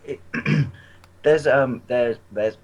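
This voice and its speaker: A man co-hosting a casual movie talk show, excitable, stammering and swearing. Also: mid-range voice, very slow, vocal fry, dull audio. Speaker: podcast co-host.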